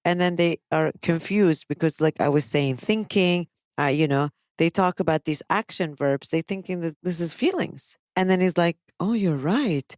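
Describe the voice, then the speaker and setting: A woman's voice: sits low, moderate pace, hardly any pauses, dry recording. Woman psychologist explaining at length. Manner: explanatory, animated when quoting people. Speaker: psychologist host. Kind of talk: casual podcast discussion.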